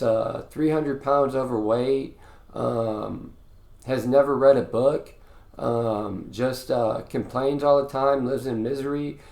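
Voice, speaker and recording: A man's voice: mid-range voice, creaky, a little mellow, roomy sound. A man hosting a podcast, delivering a blunt, heated, profane monologue with a preachy tone. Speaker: podcast host. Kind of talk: ranting monologue.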